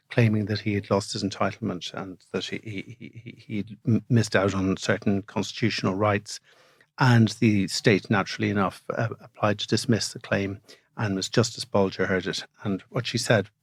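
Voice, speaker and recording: A man's voice: fairly low pitch, gravelly, husky, no room sound. A man co-hosting a legal podcast in a studio, explaining cases hesitantly with many restarts. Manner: hesitant, with frequent restarts and stammers. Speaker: podcast co-host, barrister. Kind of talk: casual legal podcast chat.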